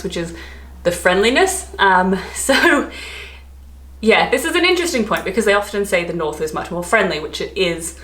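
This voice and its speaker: Chatty Australian woman, low voice. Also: fairly bright tone. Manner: chatty, rambling, full of fillers and asides. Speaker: vlogger. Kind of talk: casual chat to camera. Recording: echoey room.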